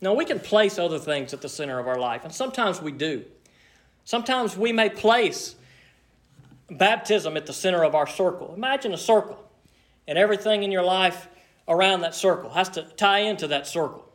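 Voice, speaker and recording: This is a pastor's sermon, preached from the pulpit by a man with a high, bright, expressive voice. He pushes his points forcefully and slows into deliberate pauses for emphasis.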